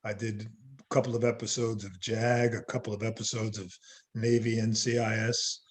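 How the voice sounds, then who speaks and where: A man's voice: on the low side, moderate pace. Laid-back older man, chuckling actor. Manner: relaxed, self-deprecating, laughs often. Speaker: actor guest. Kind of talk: casual interview chat.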